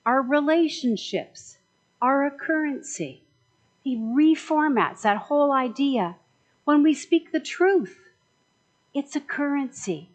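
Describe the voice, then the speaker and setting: A woman's voice: high-pitched, animated, takes it slowly, rough recording. A woman minister giving a chatty, joking sermon in a conversational way.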